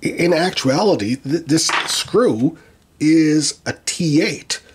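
A man's voice: fairly high pitch, animated, slow, background noise. A man narrating a tool teardown with dry, wry humor and frequent restarts. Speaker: tool reviewer.

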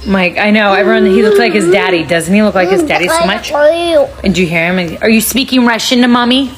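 A woman's voice: mid-range voice, expressive, a little fast. A woman in her thirties chatting casually on a phone livestream at home, switching to a sing-song baby voice for her toddler. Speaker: social media livestream host.

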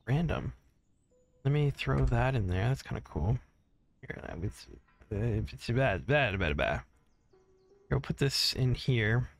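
This gaming channel host has a gravelly, mid-range voice, and no room sound comes through. He narrates his own play in a laid-back let's-play style, rambling, swearing and humming along. His desk mic is separate from his headset.

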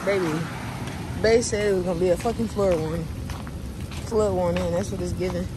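A woman's voice: fairly low pitch, fairly quick. Swearing woman vlogging from a noisy car. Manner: animated, swears freely, talks straight to viewers. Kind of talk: casual vlog chat to camera. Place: in a car and outdoors in the rain. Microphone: phone camera held by hand. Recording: noisy car and street background.

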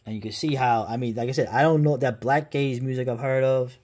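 A man's voice: mid-range voice, steady tone, a little fast, a little mellow. A man giving casual, rambling commentary while reacting to a documentary, with a sarcastic streak and plenty of fillers and restarts. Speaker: reaction video host.

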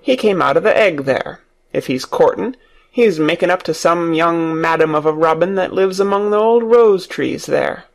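A man's voice: a little high, normal speed, vocal fry. A man voicing a surly, blunt old male gardener in an audiobook, speaking in a rustic dialect.

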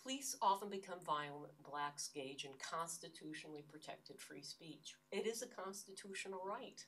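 Her voice is low and fairly bright, moving at a moderate pace. She's an older American university lecturer giving an earnest, emphatic academic talk in a lecture hall, often starting phrases over, captured from afar.

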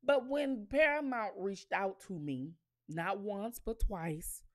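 A woman's voice: medium pitch, takes it slowly. A woman hosting her own commentary channel, talking straight to her viewers in a blunt, profane rant with lots of emphatic repetition.

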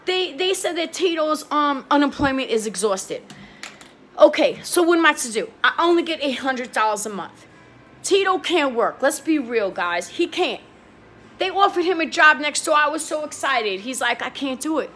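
High, bright-voiced New woman vlogging. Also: expressive, normal speed. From New York. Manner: heated and pleading, swears, repeats herself. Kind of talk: emotional talk to camera.

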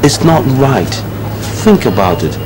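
An actor plays a cold, dismissive young man ending his engagement, lecturing his fiancee condescendingly. His medium-pitched voice swings widely in pitch at a measured pace, heard over a noisy film soundtrack.

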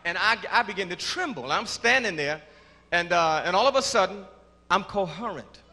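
A man giving his church testimony, halting and repeating words, then rising into shouts of praise. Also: high-pitched, lively intonation. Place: large church before a congregation. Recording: reverberant church hall with congregation.

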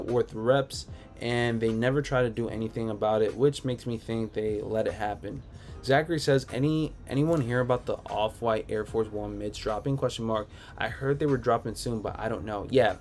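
There's slight background noise as this mid-range-voiced man hosts his sneaker livestream from home. He reads out what viewers comment and answers in a laid-back, meandering way.

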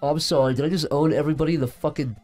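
A young man playing a game on stream and bantering casually, excitable and swearing, with sudden shouts. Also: a little high, rapid-fire, soft background music. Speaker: gameplay host. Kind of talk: casual let's-play banter.

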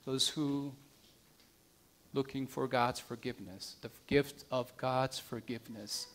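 A man's voice: medium pitch, steady tone, slow. Earnest man preaching a sermon. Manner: earnest, gentle storytelling with soft hushed endings; small restarts and repeated words. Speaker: pastor.

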